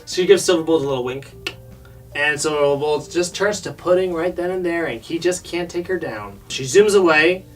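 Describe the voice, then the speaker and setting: A man on a casual review show rattles through the episode, cracking jokes and doing quick silly voices for the characters. His voice sits a little high, and he is picked up from a distance with faint music running behind him. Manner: jokey, recaps scenes with goofy quoted voices. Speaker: podcast co-host.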